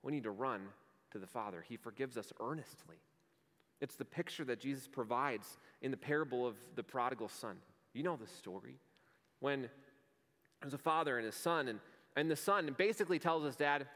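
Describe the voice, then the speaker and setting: A man's voice: medium pitch, normal speed, fairly bright tone. Man preaching in a reverberant hall. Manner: earnest, conversational preaching with vivid stories. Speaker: pastor. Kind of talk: sermon.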